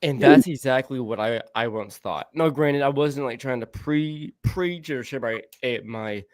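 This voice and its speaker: A man recounts a story in a loose, casual way, stumbling over his words and repeating himself. His voice sits at an ordinary middle pitch. The sound is dry and close, with no room around it. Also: no room sound. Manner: halting, stammering, laughs often.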